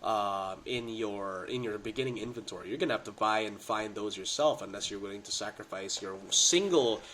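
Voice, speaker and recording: A man with a head cold gives a casual, excitable breakdown of tabletop game rules in slangy gamer talk, recorded on a budget home setup. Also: lowish voice, a little fast, slight background noise. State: congested from a cold.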